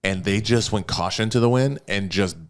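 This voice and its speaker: A podcast co-host with a lowish voice chats casually at normal speed about matches. He's an animated, jokey storyteller who tends to ramble.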